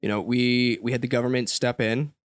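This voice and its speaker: A man's voice: medium pitch, a little fast, clean tone, no echo, clean studio sound. Blunt young American man telling stories. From United States. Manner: blunt and animated storytelling, with casual swearing. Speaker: podcast guest. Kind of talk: casual conversation.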